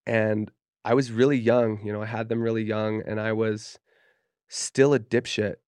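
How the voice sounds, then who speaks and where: A man's voice: lowish voice, level tone, normal speed, darkish tone, clean tone, dry recording, clean studio sound. A man from Utah, a podcast guest, telling a personal story in a candid, profane, casual way with plenty of "you know" and "dude.". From Utah, USA. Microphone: podcast studio mic.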